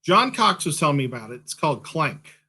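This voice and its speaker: Bright, lively, husky-edged man chatting. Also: on the high side, brisk. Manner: playful, chatty, joking asides. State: sleepy, yawning. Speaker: co-host. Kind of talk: casual chat.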